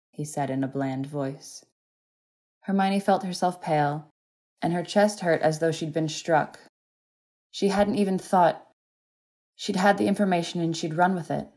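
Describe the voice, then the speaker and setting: A woman narrating an audiobook with a notably low-pitched voice. Her reading is steady and even, paced for listening. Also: a little slow, pauses often.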